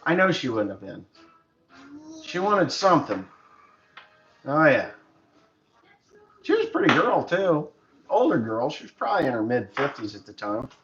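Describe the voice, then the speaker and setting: A man's voice: mid-range voice, very animated, normal speed, pauses often, music in the background. A middle-aged man from the United States, a farmer telling rambling, joking stories on his livestream. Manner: chatty, joking storyteller. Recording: dull lo-fi sound with faint noise.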